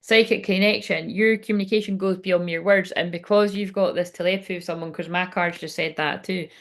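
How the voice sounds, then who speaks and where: A woman's voice: fairly low pitch, fairly even intonation, fairly quick. Woman doing a tarot reading, chatty and rambly, swears a lot. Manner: rambling, swears freely, digresses. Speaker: tarot reader.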